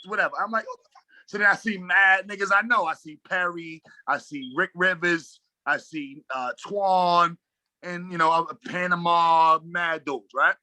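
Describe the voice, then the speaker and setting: A man's voice: high voice, measured pace, no echo. A man from Brooklyn with a New York accent, telling stories as a basketball coach in a casual interview, full of slang and acted-out dialogue. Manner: animated, slangy storyteller acting out dialogue.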